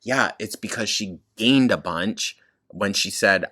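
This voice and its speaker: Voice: sits low, slow, pushed and bright, husky. A commentary YouTuber reacting to clips, sarcastic and blunt, swearing often and laughing at the material.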